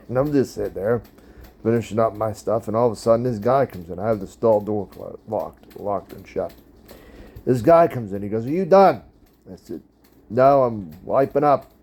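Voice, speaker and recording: A man's voice: fairly low pitch, moderate pace, a little mellow, husky. A middle-aged man hosting a casual vlog, rambling through a funny personal story, laughing along and talking straight to his viewers. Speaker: vlog host.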